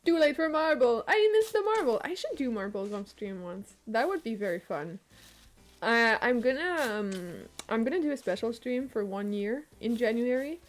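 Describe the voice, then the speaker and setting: A young woman chatting casually on a game stream, excitable and swearing, with frequent laughs. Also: on the high side, moderate pace. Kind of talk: casual live-stream chat while gaming.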